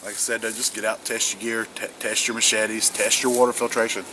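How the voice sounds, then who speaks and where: A man's voice: on the low side, flat delivery, fairly quick, sharp tone. Rambling man vlogging outdoors. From South Carolina, US. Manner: rambling, repeats words and restarts, earnest. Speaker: prepper vlogger. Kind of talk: casual outdoor vlog monologue. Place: wet woods outdoors. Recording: noisy outdoor camera audio. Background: outdoor ambience, distant aircraft.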